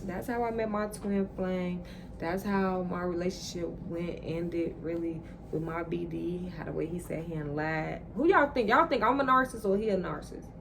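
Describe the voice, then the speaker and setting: A woman telling a personal story straight to her viewers in a casual, animated and profane monologue. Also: lowish voice, moderate pace, creaky, noisy background. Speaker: vlogger.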